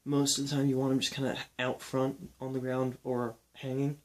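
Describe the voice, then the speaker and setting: A young man explaining and demonstrating ab exercises in a casual, relaxed way while counting reps aloud. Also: mid-range voice, moderate pace. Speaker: fitness instructor.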